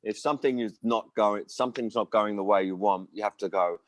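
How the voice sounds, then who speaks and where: Rambling older man, low dry voice. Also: brisk, hardly any pauses, dry recording. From Australia. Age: 60s. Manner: rambling storyteller, acts out quoted voices. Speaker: musician guest. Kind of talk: casual interview chat.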